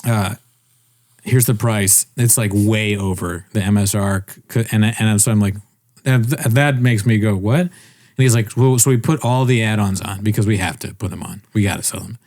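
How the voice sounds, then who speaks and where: A man on a casual podcast telling a story with animated, swearing delivery, laughing often and acting out the people he quotes. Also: fairly low pitch, normal speed. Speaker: podcast co-host. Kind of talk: casual chat.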